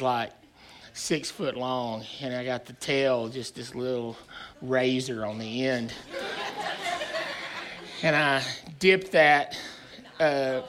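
Male pastor, high voice, sermon storytelling, self-deprecating, chuckling, live church congregation. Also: bright, forceful tone.

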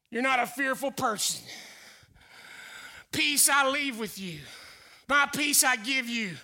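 A male pastor preaching a sermon, building to loud shouted declarations and growing out of breath. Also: very high-pitched, expressive, takes it slowly, creaky, pauses often. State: getting out of breath.

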